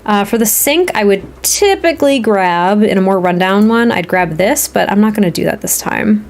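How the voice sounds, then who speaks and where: A woman's voice: mid-range voice, lively intonation, moderate pace. A woman live streaming while she builds in a game, chatting and rambling to her viewers and laughing often. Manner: talks to chat viewers, reads their comments.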